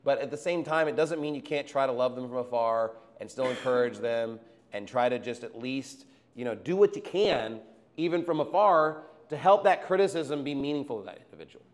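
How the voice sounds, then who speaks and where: A man's voice: medium pitch, lively intonation, a little fast. A male pastor preaching a sermon in a conversational way, reading scripture and acting out everyday quotes.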